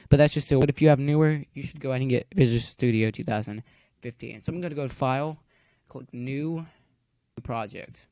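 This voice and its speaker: A man talks through a coding tutorial from home at a middle pitch. He is easygoing and rambling and fills the waits with groan-worthy jokes. His voice is recorded close and dry. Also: fairly quick, dark tone, dry recording. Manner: chatty, cracks corny jokes while waiting. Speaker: tutorial maker.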